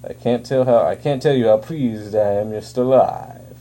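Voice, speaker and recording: A man reading comic dialogue aloud, voicing a flamboyant, taunting male villain with showy, drawn-out words. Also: medium pitch, warm tone, a little hiss or hum, lightly acted. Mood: gleeful taunting.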